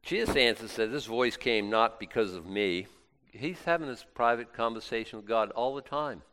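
A man preaching a sermon in a conversational way, swinging from loud exclamations to quiet asides and often restarting his words. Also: medium pitch, moderate pace, clear, resonant tone.

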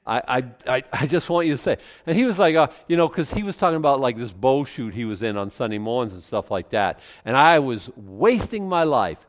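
A man preaching a sermon, reading scripture aloud and commenting in an animated way, chuckling often and restarting his sentences. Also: medium pitch, fairly quick, few pauses. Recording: long reverb from a large hall.

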